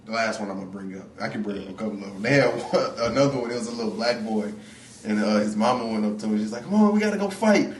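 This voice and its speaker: A man chatting casually and comically, telling stories with quick impressions. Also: on the low side, a little hiss or hum. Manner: animated storyteller, slips into quick impressions. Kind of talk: casual comedic chat. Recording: roomy echoey studio.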